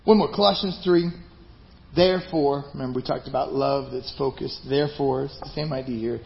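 A man's voice: mid-range voice, brisk, creaky. A man preaching a sermon as pastor, emphatic and conversational. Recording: dull lo-fi recording.

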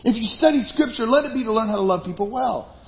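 A man's voice: very high-pitched, expressive, quick pace, gravelly, pitched above the performer's own voice, full character voice. A man voicing a blunt apostle who insistently scolds a church, in a dull lo-fi recording. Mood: rebuking. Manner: insistent, rebuking.

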